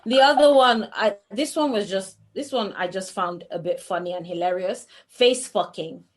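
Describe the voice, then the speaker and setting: A woman's voice: medium pitch, normal speed. A woman co-hosting a podcast, blunt and giggly in casual group chat. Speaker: podcast co-host.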